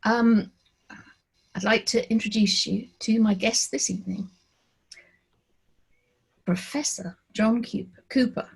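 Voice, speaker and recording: A woman's voice: medium pitch, steady tone, slow, gravelly, long pauses, breathy edge. A middle-aged woman from Liverpool hosting a live interview over a video call, chatty and self-deprecating. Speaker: host.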